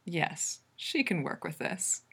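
Woman narrating a story, low-pitched. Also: very animated, slow pace, fairly bright tone, slightly rough. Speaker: reader. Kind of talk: reading fan fiction aloud.

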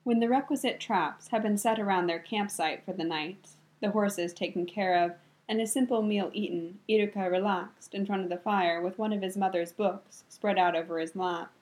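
A woman narrating a story in an even, measured reading voice. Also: medium pitch.

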